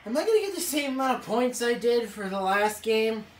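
A woman commentating her own video game play, excitable, swearing and yelling at the screen. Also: fairly high pitch, brisk, faint music behind. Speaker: gaming video creator. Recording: echoey room, off-mic, faint hiss.

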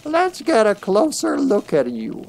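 A man voicing a wizened, ancient old crone who is sly and knowing, in a high cackling old woman's voice. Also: huge pitch swings, unhurried, exaggerated voice.

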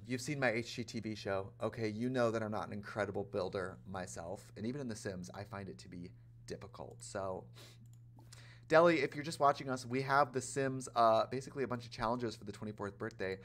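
A man hosting a casual gaming livestream, chatty and animated, talking straight to his chat in a campy, playful way. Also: medium pitch. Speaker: livestream host playing a life-sim game.

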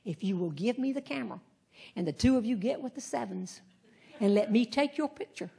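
A woman voicing a gruff, stern, burly male casino guard in a low commanding tone. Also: animated, fairly quick, dark tone, heavily acted.

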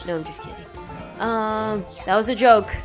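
A woman's voice: medium pitch, moderate pace, over music. Woman in a put-on mock Cockney accent. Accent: put-on imitation Cockney. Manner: joking, exclaims at the game, swears mildly. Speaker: let's play host. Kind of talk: blind gameplay commentary.

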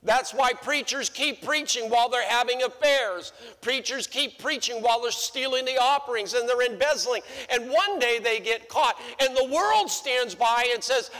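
Bright-voiced pastor in an echoey church. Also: male voice, very high-pitched. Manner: animated storytelling, stammering restarts. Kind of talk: sermon. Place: church sanctuary.

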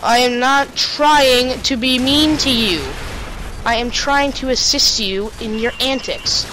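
A woman's voice: high voice, slow, fairly bright tone, a little hiss or hum, poor audio. A woman giving casual, sarcastic commentary while playing a video game, joking and talking back to the characters on screen. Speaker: let's play commentator.

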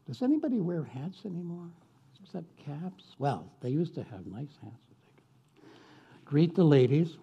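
A man's voice: a little high, wildly swooping pitch, a little slow, vocal fry, slightly rough, lo-fi sound. A man, a guest minister, telling a story in a sermon with folksy, chatty asides to the congregation.

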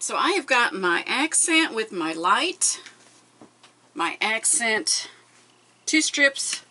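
A woman with a bright voice and a lively, bouncing pitch walks through cutting and sewing quilt strips. She talks half to herself as she works, counting measurements aloud. Faint noise and tool clicks sit behind her. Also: poor audio. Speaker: quilting tutorial host. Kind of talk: casual step-by-step craft demonstration.

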